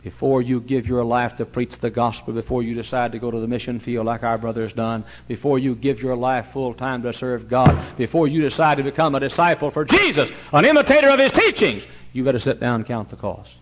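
A man preaching a sermon in a fervent revival style, swinging between loud pleading and hushed, earnest asides. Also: medium pitch, fairly even intonation, brisk, hardly any pauses. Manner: old-fashioned revival preaching cadence. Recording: muffled lo-fi recording.

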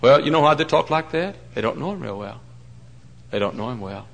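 A middle-aged man preaching a sermon, telling folksy stories and swinging between loud mock-pompous lines and hushed asides. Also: mid-range voice, animated, a little fast, creaky, slight background noise, low-quality recording.

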